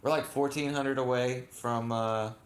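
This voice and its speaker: A man's voice: mid-range voice, fairly even intonation, a little slow. A man co-hosting a casual reaction chat, rambling with lots of fillers and self-corrections. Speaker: channel co-host. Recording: echoey room.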